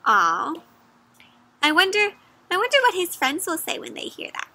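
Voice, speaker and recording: A woman giving an interactive read-aloud for children, animated, with gasps and questions to her young listeners. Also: extremely high pitch, a little fast. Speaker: children's storyteller.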